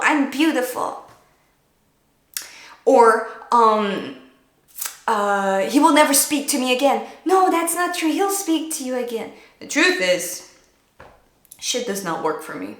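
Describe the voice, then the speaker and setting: A woman streamer giving blunt, profane advice in a casual storytime, often mock-yelling at the voice in her head. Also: mid-range voice. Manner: blunt, profane, animated, mock-yells at her own thoughts. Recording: echoey room.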